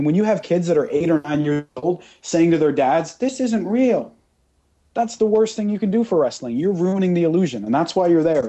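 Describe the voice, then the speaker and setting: A man co-hosting a podcast in casual chat, talking in an animated, ranting way and slipping into mocking impressions. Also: on the high side, lo-fi sound. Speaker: podcast co-host.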